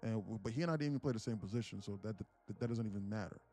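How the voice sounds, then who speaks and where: A young man hosting a livestream who tells a story casually, with lots of swearing and animation. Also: lowish voice. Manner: profane, animated, fast. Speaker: day-trading livestream host.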